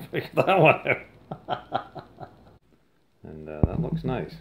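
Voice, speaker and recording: In a folksy, rambling vlog about old bottles, a man chuckles and cracks jokes in casual chat. His medium-pitched voice swings widely, he draws out his words, and there's background noise on a slightly dull lo-fi recording.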